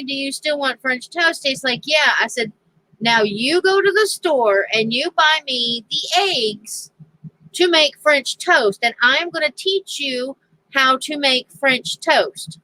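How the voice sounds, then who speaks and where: A woman's voice: high voice, expressive, slow pace, bright, forceful tone, a little hiss or hum, poor audio. A woman telling a casual story on her crafting channel, chatty and laughing often as she quotes others.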